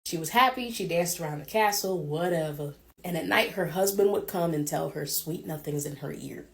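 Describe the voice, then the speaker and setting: A woman's voice: lowish voice, moderate pace, vocal fry. Chatty woman retelling a myth casually. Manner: chatty, irreverent, joking asides. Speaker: storyteller.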